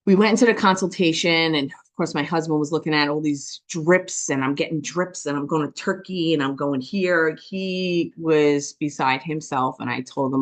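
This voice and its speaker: Passionate woman telling her story, fast. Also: low-pitched. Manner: fast, passionate, keeps checking in with "okay?"; animated storytelling with quoted dialogue. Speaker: business testimony speaker. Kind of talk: personal testimony talk.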